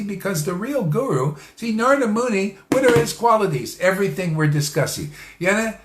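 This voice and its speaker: A man giving an informal spiritual talk, repeating phrases for emphasis, laughing often and speaking straight to his listeners. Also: on the high side. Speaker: spiritual teacher. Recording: echoey room.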